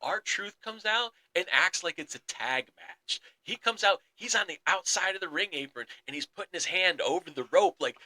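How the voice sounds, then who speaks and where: A young man co-hosting a sports podcast, excitedly retelling a wrestling story in casual chat and acting out the quotes. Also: high voice, moderate pace, few pauses, low-quality recording. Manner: excited storytelling, acts out quotes, laughs often. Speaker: podcast co-host.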